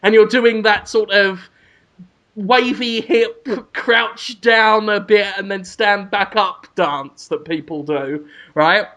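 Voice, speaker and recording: Man podcast co-host, deadpan rambling storyteller, ums a lot. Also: sits high, takes it slowly, highs cut off. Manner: rambling, deadpan absurd scenario-spinning with frequent ums.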